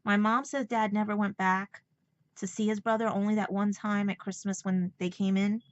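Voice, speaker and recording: A woman's voice: mid-range voice, level tone, moderate pace. Teary New York woman vlogging, lo-fi. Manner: emotional, rambling, holding back tears. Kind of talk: personal vlog monologue.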